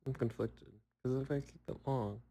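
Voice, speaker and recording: A young man in casual solo chat, rambling and poking fun at himself with long pauses. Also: mid-range voice, steady tone, mellow, a little hiss or hum, low-quality recording. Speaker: podcaster.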